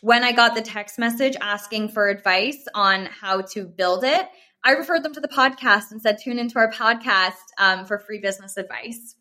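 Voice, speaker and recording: Bright-voiced woman podcast co-host. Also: fairly high pitch, moderate pace. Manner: candid and emphatic, frank opinions. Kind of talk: casual podcast conversation.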